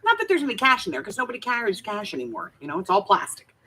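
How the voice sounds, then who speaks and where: A middle-aged woman hosting a craft livestream from her home desk, chatting casually and telling animated stories with frequent laughter. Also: mid-range voice, rapid-fire, slight background noise, low-quality recording. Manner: animated storyteller, laughs often. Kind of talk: casual chat while crafting.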